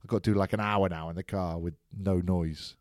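A man's voice: low voice, steady tone, brisk, a little mellow, no echo, clean studio sound. A man chatting casually about his weekend, rambling and laughing at his own jokes. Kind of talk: casual banter.

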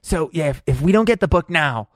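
A man's voice: a little high, expressive, brisk, no echo, studio quality. Insistent stammering man at a game table. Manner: insistent, repetitive, stammering restarts. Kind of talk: casual role-play chat.

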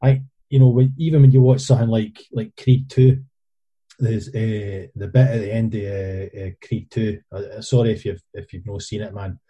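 A man's voice: fairly low pitch, fairly even intonation, moderate pace, mellow, slightly rough, dull audio. A Scottish man telling rambling stories in casual chat, with frequent restarts.

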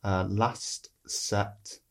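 A woman reading out quickfire quiz questions on a podcast, brisk and stifling laughs. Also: a bass voice, fairly even intonation. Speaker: quiz master.

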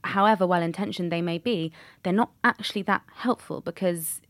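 A woman hosting a podcast, measured and thoughtful, with soft fillers. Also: fairly low pitch, no echo. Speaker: podcast host. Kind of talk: casual chat.

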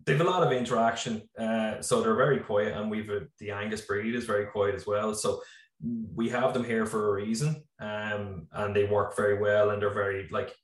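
An Irish farmer and business founder in his thirties talks casually on a video call, relaxed and rambling with plenty of fillers. His voice is lowish at normal speed, picked up by a computer mic slightly distant in an echoey room.

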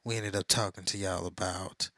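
A young man co-hosting a casual relationship advice podcast, joking around and slipping into a smooth crooning voice. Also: fairly even intonation, moderate pace, pushed and bright, dry recording. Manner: playful, puts on a deep smooth crooning voice. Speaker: podcast co-host.

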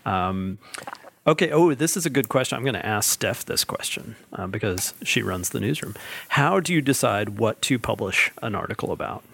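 A man hosting a casual panel chat, talking in a halting way with many fillers and no regional accent. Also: on the low side, lively intonation, creaky, a bit bright, breathy edge. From Alabama. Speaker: podcast host.

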